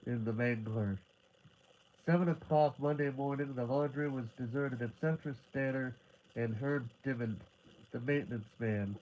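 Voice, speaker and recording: A man giving a live reading of a horror short story, steady and building tension, now and then restarting a word. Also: medium pitch, muffled recording, a little hiss or hum. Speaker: reader.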